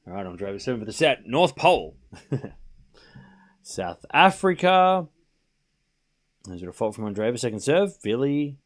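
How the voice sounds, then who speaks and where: A young man with a lowish voice and lively intonation hosts a live tennis watchalong, calling points fast with hardly any pauses. He chats with viewers, reading out their locations between play calls in this live stream commentary.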